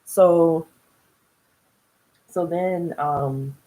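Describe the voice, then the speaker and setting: A woman with a low voice talks through a TV episode in a relaxed video review. She is chatty and animated, laughs often, and drops into quick impressions of the people she describes. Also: low-quality recording. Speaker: TV show reviewer. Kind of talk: casual video review chat. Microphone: solo video recording.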